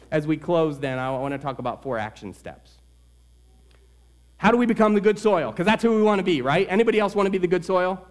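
Earnest man preaching a sermon. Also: fairly high pitch. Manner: earnest preaching with swings between loud emphasis and quiet; tells a joke story in the middle. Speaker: pastor.

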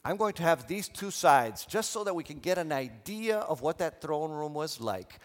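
Animated male preacher in a reverberant church. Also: a little high, moderate pace. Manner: animated, leads congregation in call and response. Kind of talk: sermon. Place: church sanctuary.

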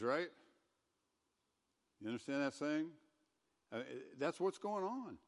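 A man giving a conversational sermon as a pastor, who gets loud and emphatic when he reads scripture aloud. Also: medium pitch, big pitch swings, a little slow, long pauses, big-room sound. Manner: conversational preaching, rising to loud scripture reading.

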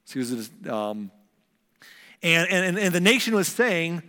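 In a large hall, a pastor animatedly retells scripture in casual modern language, performing the characters himself. His high voice moves a little slowly, with frequent pauses.

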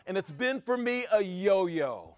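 A man preaching a sermon, swinging between loud exhortation and quiet asides, driving his points home with repeated rhetorical questions. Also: high-pitched, very animated, slow pace, no room sound.

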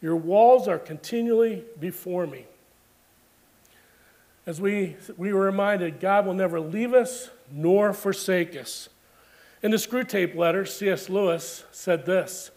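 A man's voice: sits high, measured pace, a little mellow. A man preaching a sermon in an earnest, emphatic way, building points through repeated phrases. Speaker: pastor.

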